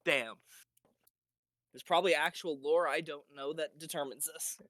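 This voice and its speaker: A man's voice: a little high, fairly even intonation, moderate pace, fairly bright tone, no echo, studio quality. A man playing a tabletop game, joking and teasing the others. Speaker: player. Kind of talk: casual tabletop banter.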